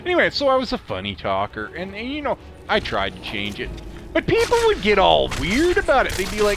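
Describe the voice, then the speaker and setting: A man's voice: high voice, huge pitch swings, a little fast, over music. A man with a drawling Idaho accent chatting loosely as he plays a game, rambling and laughing often with a snarky, self-mocking tone. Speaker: gamer commentating his play. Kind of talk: casual gameplay commentary with storytelling.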